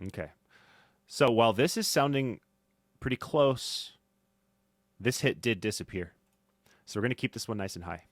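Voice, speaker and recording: A man teaching drum mixing in a casual tutorial, thinking aloud with fillers and swinging in loudness. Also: lowish voice, normal speed, long pauses. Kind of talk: casual screen-recorded tutorial. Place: home studio. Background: faint music from drum playback.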